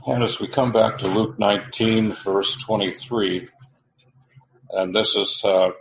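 A man teaching a Bible study, reading verses aloud and explaining them in a halting way, full of fillers and restarts. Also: on the low side, steady tone, a little hiss or hum. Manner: reads verses aloud, then explains the Greek words. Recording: roomy, dull lo-fi recording.

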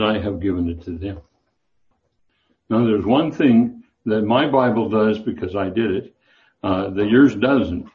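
A man's voice: on the low side, a little mellow, lo-fi sound. A man teaching a Bible class, talking in a loose, discursive way with many fillers and restarts.

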